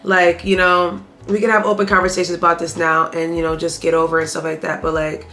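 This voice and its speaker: Candid, bright-voiced woman telling a story. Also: fairly low pitch, flat delivery, brisk, soft background music. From Haitian family. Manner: candid, emphatic, addresses viewers directly. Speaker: vlogger. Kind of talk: storytime vlog.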